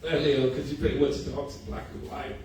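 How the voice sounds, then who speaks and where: A man's voice: on the high side, level tone, quick pace. A male comedian performing a stand-up set at a cafe comedy night, self-deprecating and often laughing at his own lines. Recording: echoey room, far mic, noisy.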